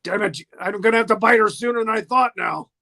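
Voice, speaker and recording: A man's voice: high-pitched, quick pace, vocal fry, pushed and bright, no room sound, clean studio sound, exaggerated voice. A man putting on a grumpy male vampire count who mutters in exasperation, in a comedic film recap. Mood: annoyed.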